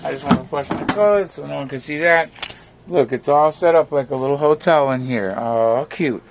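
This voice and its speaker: A man's voice: on the high side, moderate pace, noisy background. A man vlogging from his home, rambling between topics in a casual, profane rant.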